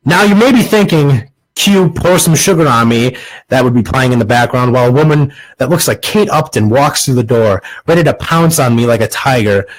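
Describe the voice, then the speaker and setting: A man's voice: medium pitch, expressive, brisk, few pauses, poor audio. A young man hosting a podcast, doing a crude, sarcastic comic monologue and restarting lines now and then. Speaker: podcast host.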